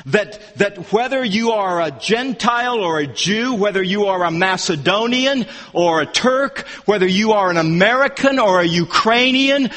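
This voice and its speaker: A man preaching an expository sermon, emphatic and animated, his voice rising sharply on questions. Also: high voice. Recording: reverberant hall.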